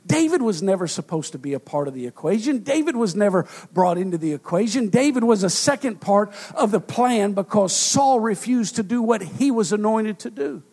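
A man preaching a sermon, rising to loud shouts and dropping to hushed tones, with frequent fillers. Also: high-pitched, lively intonation, moderate pace, few pauses. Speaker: pastor.

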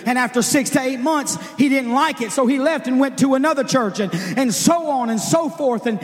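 A man preaching a sermon, emphatic, drawing out his words and then shouting for emphasis. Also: very high-pitched, normal speed, hardly any pauses, in a large hall.

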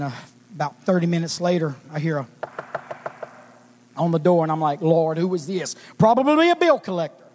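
High-voiced preacher in a reverberant church. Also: male voice. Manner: swings from quiet storytelling to shouted praise. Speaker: preacher giving testimony. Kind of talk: testimony sermon. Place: church sanctuary.

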